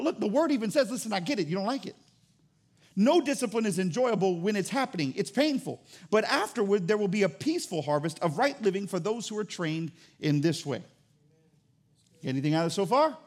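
Preacher guy, real high voice, bouncy and jokey, preaching to the church. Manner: lively, joking, preaching with acted-out asides. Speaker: pastor. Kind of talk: sermon.

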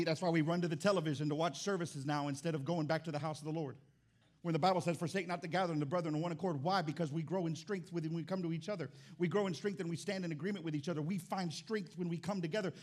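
Animated comic male preacher. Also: sits high. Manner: animated, comic, shifts between loud bursts and quiet asides. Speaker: pastor. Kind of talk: sermon with storytelling.

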